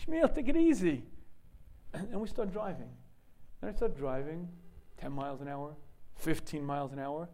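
A man giving a religious lesson through vivid storytelling, often clearing his throat. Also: a little high, normal speed, a little mellow, rough recording. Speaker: teacher.

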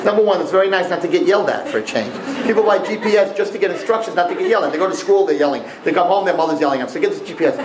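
A man with a high, lively voice gives a humorous religious lecture, swinging his pitch widely and checking in with his listeners. He is recorded in a roomy, echoing space with a faint background hum. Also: very fast, hardly any pauses, a crowd in the background. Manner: animated, repeats "right?" to the audience. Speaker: religious teacher.

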